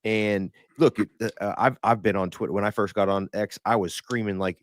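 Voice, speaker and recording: A male co-host in casual livestream chat, talking in an excitable, rambling way over a video call. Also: fairly low pitch, fairly quick, few pauses, no room sound, studio quality.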